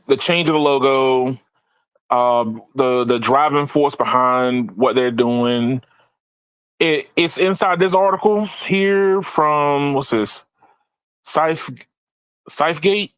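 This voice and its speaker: A man hosting a casual tech podcast, animated, laughing often and repeating words as he talks. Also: on the high side, no room sound, low-quality recording. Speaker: podcast host.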